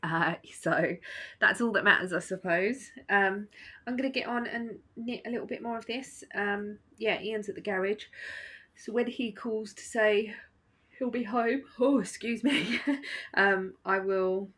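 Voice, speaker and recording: A woman's voice: mid-range voice, unhurried, fairly bright tone, slightly rough. A woman vlogging at home in a casual, rambling chat, sleepy and yawning. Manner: chatty, rambling, with fillers and small laughs.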